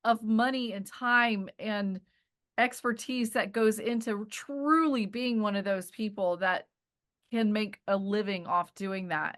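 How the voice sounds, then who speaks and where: Woman guest, bright and forceful voice, chatty and animated in casual talk. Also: mid-range voice. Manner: animated, chatty, laughs while explaining. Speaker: cinematographer guest. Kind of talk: casual interview chat.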